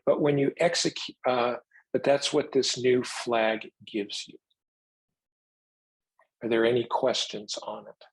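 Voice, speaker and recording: A man giving a technical presentation, explaining new software features in a measured way and taking questions. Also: mid-range voice, husky, low-quality recording.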